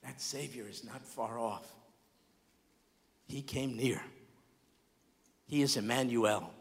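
A man preaching a sermon as pastor, expressive, with large swings in loudness. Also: mid-range voice, slow pace, gravelly, husky. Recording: long hall reverb.

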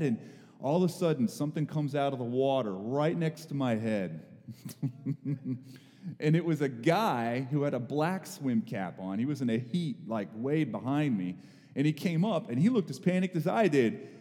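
A man preaching a sermon, telling a personal story in a lively, dramatic storyteller's way, with bursts of raised, excited voice. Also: medium pitch, normal speed, big-room sound. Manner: storytelling, animated, rising to excited exclamations. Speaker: pastor.

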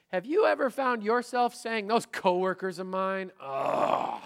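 A middle-aged man preaching a sermon, dramatic, voicing inner thoughts aloud and swinging from loud to hushed. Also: high voice, lively intonation, measured pace, few pauses. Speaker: pastor. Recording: hall reverb.

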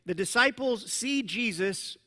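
High bright-voiced pastor guy, chatty animated sermon, big echoey church hall. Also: measured pace. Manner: conversational, animated preaching with asides and self-corrections. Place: church sanctuary. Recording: long reverb of a large church hall.

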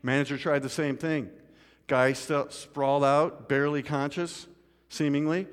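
A man's voice: steady tone, measured pace, smooth. Preaching man in a reverberant hall. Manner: storytelling, swings from loud urgent pleading to quiet low asides. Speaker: pastor. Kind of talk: sermon. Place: church sanctuary.

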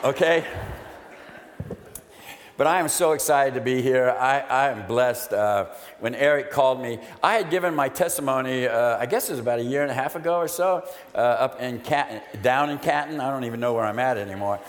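A middle-aged man speaking as a recovery pastor, excited and emotional. He tells his story with energy and pitch in the middle range. His voice rings with the long reverb of a church hall. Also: normal speed, a little hiss or hum. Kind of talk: church testimony talk.

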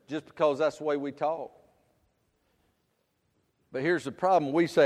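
A man, preaching a sermon with loud emphatic bursts and quieter asides. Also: on the high side, a little fast, in a large hall. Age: 50s. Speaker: pastor.

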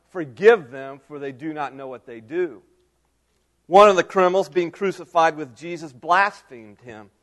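A middle-aged man preaching a sermon, telling the story with dramatic swings from loud cries to hushed, near-whispered lines. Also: high-pitched. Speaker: pastor.

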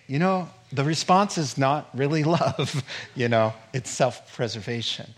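Slow-preaching folksy pastor, a man. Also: mid-range voice. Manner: folksy and animated, laughs as he preaches. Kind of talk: sermon.

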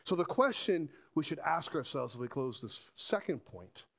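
A man preaching a sermon to a congregation, animated and asking rhetorical questions. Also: a little high, normal speed, gravelly. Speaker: pastor.

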